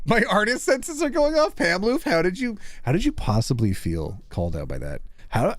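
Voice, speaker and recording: A male streamer chats with his live audience in a playful, teasing manner, his pitch swinging widely from low mutters to high exclamations. The sound is dry and close, with light music faint underneath. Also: no room sound. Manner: playful, animated, teasing, reading chat aloud. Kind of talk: casual live-stream chat.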